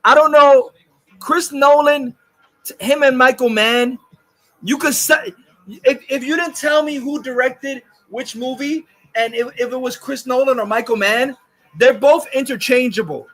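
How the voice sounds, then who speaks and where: A man's voice: very high-pitched, steady tone, a little slow, bright, forceful tone. A man hosting a livestream, ranting angrily and profanely and reading chat comments aloud. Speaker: livestream host. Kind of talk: angry livestream rant.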